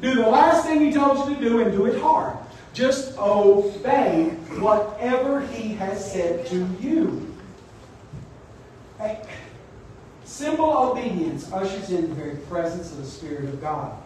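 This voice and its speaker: A man's voice: high voice, expressive, measured pace, darkish tone, a little hiss or hum. A man preaching a sermon as pastor, emphatic and exhorting his congregation. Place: church sanctuary. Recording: echoey church hall, mic at a distance.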